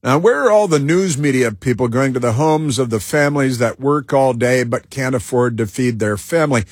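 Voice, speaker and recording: A man's voice: medium pitch, expressive, husky, no room sound, studio quality. A man hosting a talk show, delivering a rambling monologue full of fillers, restarts and repeated words. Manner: halting, with many fillers and restarts.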